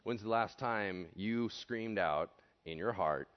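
A man preaching a sermon in an animated way, acting out voices and swinging between hushed and shouted lines. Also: on the low side, takes it slowly, dull audio. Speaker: pastor.

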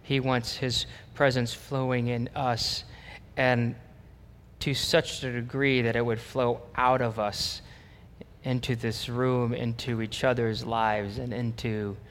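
A man's voice: mid-range voice, little pitch movement, slow, fairly bright tone, a little hiss or hum. A male pastor preaching a sermon, telling stories and then building to emphatic preaching. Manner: storytelling, rising to emphatic preaching. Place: church sanctuary. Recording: long reverb of a church hall.

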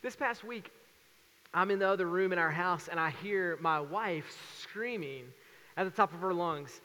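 High-voiced animated preacher man. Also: normal speed, in a large hall. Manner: animated storytelling with acted voices. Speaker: pastor. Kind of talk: sermon.

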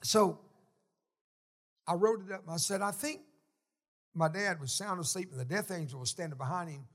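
A middle-aged man preaching a sermon, telling folksy stories with emotion and sudden shouted swells. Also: high voice, normal speed. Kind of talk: sermon storytelling.

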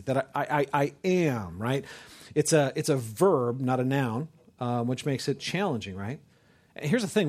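A man preaching a sermon in an informal, conversational way, often checking in with his listeners. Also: mid-range voice. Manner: conversational, many restarts and "right?" asides. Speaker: pastor.

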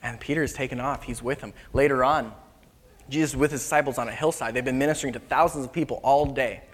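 Preacher telling a story, hall reverb. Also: male voice, mid-range voice, fairly even intonation, quick pace. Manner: casual and conversational, drops to hushed tones. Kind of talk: storytelling sermon.

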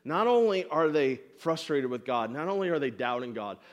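A male pastor delivers a sermon in a fairly high voice. He speaks earnestly and often repeats words as he builds toward each point. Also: expressive, moderate pace. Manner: acts out the people's complaints in quoted voices.

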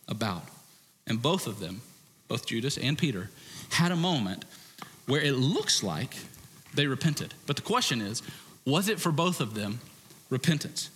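A man's voice: fairly high pitch, slightly rough. Man preaching in a reverberant church. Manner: animated, acts out quoted voices, swings between loud and hushed. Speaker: pastor. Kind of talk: sermon.

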